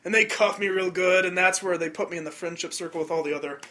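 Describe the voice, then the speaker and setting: A man's voice: high-pitched, fast. A man hosting a casual podcast chat, telling stories with lots of swearing, laughter and acted-out quotes, with a slightly stuffy nose. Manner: animated, acts out quotes, laughs often, swears freely. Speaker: podcast host.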